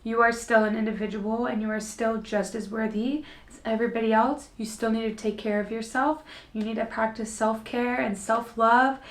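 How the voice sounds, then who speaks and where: A woman's voice: on the high side, steady tone, moderate pace, hardly any pauses, echoey room. A young woman and mom talking tearfully and earnestly to her viewers in a personal vlog, her voice wavering as she holds back tears. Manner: heartfelt and earnest, speaks directly to viewers. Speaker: fitness creator and mom. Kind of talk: emotional personal vlog to camera.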